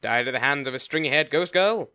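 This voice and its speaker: A man's voice: mid-range voice, lively intonation, quick pace, sharp tone, clear, resonant tone, dry recording, studio quality. A man voicing a courteous male agent of the afterlife who talks in polished, formal sales patter. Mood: salesy.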